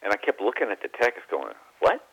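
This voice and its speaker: A man guest on a sports radio talk show, telling animated baseball anecdotes and mimicking the people in them. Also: fairly low pitch, quick pace, gravelly, breathy edge. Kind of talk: phone-in radio interview, storytelling. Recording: phone line.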